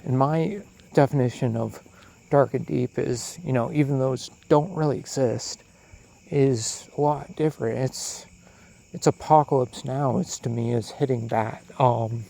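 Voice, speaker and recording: His voice is mid-range and gravelly, a little slow, captured on a rough recording. The solo podcaster curses and rambles animatedly outdoors at night, asking questions while crickets and insects chirp in the background.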